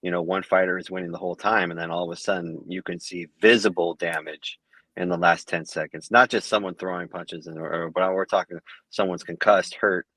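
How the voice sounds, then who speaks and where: A man, a fight judge guest, answering interview questions in a halting way full of fillers and restarts. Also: low voice, fairly even intonation, bright, forceful tone, dry recording. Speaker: MMA judge, podcast guest.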